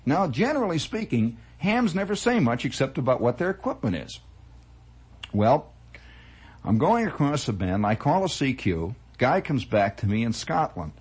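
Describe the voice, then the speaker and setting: A man's voice: mid-range voice, very animated, moderate pace, breathy edge. A man telling a rambling story as a spoken monologue, with chuckling asides.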